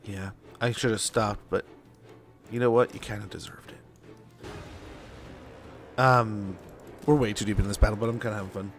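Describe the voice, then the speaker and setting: A man's voice: fairly low pitch, steady tone, normal speed, long pauses, faint music behind. Chatty young man streaming a game. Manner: rambling and chatty, many fillers and laughs. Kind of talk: casual gameplay chat.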